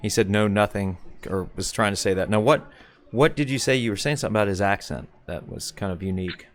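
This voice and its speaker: Low-voiced host asking easygoing questions. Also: male voice, quick pace. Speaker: podcast host. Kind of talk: casual interview over a call.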